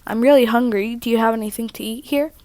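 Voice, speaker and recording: A chatty teenage goddess in a breezy, offhand storytelling voice, as a woman puts her on. The tone sits a bit high and sounds dry and close. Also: fairly even intonation, fast talker, a little mellow, dry recording, close to an everyday voice.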